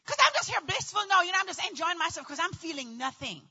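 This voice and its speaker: Dramatic high-voiced woman storyteller. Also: sing-song, fast talker, vocal fry, dull audio. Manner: dramatic, acts out voices, often shouts. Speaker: storyteller recounting childbirth. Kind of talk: animated personal storytelling.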